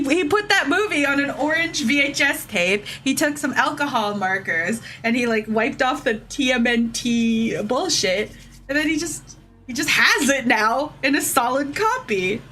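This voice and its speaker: A woman's voice: high voice, sharp tone. Heated, profane woman ranting on stream. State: drinking shots. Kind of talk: casual livestream rant.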